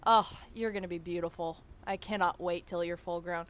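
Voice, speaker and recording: A woman's voice: lowish voice, steady tone, a little fast, highs cut off. A woman streaming a survival game, chatting casually, swearing freely and cooing at her in-game animals. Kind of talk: casual gameplay commentary.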